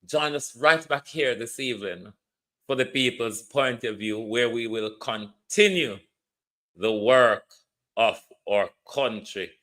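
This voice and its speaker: In a slow, forceful, bright mid-range voice, a man with a Jamaican accent rants about politics on his online show. He's blunt and mocking, frequently tagging points with a questioning "hmm?"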